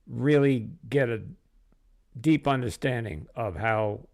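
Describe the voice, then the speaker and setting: A man hosting a podcast, talking haltingly and emotionally, with many restarts, before he introduces a guest. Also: medium pitch, creaky, no echo, studio quality. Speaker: podcast host. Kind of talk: reflective solo intro, then interview.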